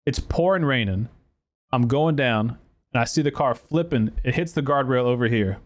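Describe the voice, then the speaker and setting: A man's voice: medium pitch, fairly quick. A man hosting a podcast, telling a story casually, with profanity and many fillers and restarts. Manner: profane, animated storytelling with acted quotes. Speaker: podcast host.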